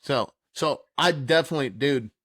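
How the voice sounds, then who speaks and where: This man tells a long, rambling story in casual podcast chat, full of swearing and his own laughter. His voice sits at an ordinary pitch. It is recorded close and dry, with no room sound. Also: moderate pace, a bit bright, dry recording. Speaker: podcast host.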